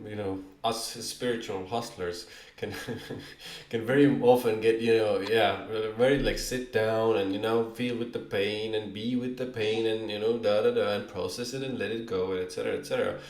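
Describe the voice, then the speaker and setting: A man's voice: fairly low pitch, steady tone, normal speed, darkish tone. A man co-hosting a podcast, talking in a rambling, casual way full of fillers. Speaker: podcast co-host. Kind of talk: casual conversation. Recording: roomy echo.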